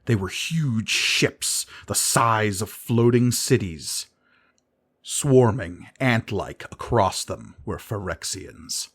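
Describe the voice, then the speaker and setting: A man narrating a fantasy audiobook in a measured, dramatic reading style. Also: fairly low pitch, fairly bright tone, slightly rough.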